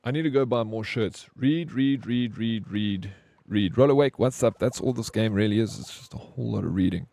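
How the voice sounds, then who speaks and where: Casting laid-back male game streamer, gravelly voice, relaxed live chat. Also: lowish voice, moderate pace, no room sound. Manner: laid-back, chatting with viewers.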